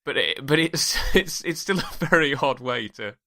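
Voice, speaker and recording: A man's voice: mid-range voice, lively intonation, normal speed, vocal fry, bright, forceful tone. A man co-hosting a podcast, chatting casually about a TV episode with frequent restarts and laughs. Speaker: podcast co-host. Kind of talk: casual chat.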